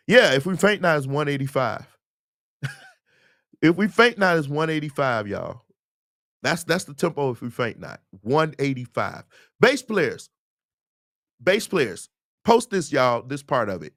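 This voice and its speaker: Male host, casual livestream Q&A, emphatic and lively, high voice. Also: dry recording, studio quality. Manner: animated, emphatic, preachy asides. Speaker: host, musician.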